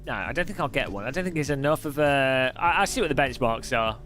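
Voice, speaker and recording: A man's voice: mid-range voice, animated, fast talker, a bit bright, soft background music. A man chatting casually on a live sim racing stream, reading viewers' messages aloud and laughing often.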